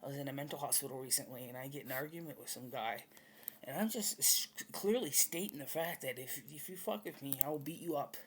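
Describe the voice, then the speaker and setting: Gravelly man rambling bluntly. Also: mid-range voice, fast, hardly any pauses, slight background noise. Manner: blunt, profane, swaggering. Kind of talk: rambling casual monologue.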